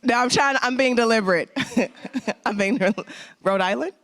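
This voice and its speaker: A man's voice: very high voice, normal speed, sharp tone. A man from St. Louis opens a conference as host, moving from housekeeping into playful, upbeat crowd work. He calls out to the audience with loose, joking energy. His throat sounds slightly strained. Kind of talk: opening remarks and crowd hype.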